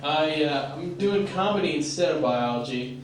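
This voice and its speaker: A young man performs stand-up in a small club, his slightly high voice picked up from a distance in a very echoey room. He talks in a halting, self-deprecating way, full of fillers. Audience laughter rolls in behind him. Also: animated, heavy background noise. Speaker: stand-up comedian. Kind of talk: stand-up comedy set. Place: small comedy club stage.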